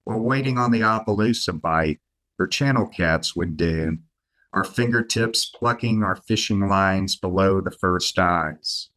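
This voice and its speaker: Slow, deep-voiced man. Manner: unhurried, reads poems in an even measured tone. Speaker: guest poet. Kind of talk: podcast chat and poetry reading.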